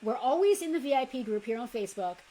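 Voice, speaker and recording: A chatty, bubbly woman co-hosts a casual live stream for a toy shop, talking up membership perks. Her voice sits high and bright in pitch. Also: expressive, fast talker, rough recording.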